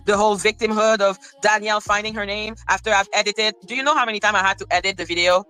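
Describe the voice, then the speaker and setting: A woman's voice: medium pitch, steady tone, quick pace, hardly any pauses, pushed and bright, faint music behind, rough recording. A woman venting in a played video, irritated and ranting, swearing as she talks.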